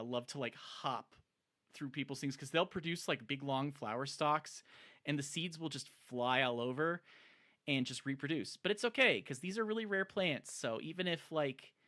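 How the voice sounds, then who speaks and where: A man's voice: mid-range voice, bright, forceful tone. A man chatting casually on a live stream, rambling and enthusiastic, with lots of fillers. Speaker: streamer showing his plant collection.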